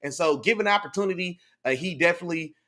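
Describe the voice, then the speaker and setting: Excitable high-voiced man talking football. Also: racing. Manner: animated, slangy, repeats "you know what I'm saying". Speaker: podcast host. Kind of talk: casual sports talk with live chat.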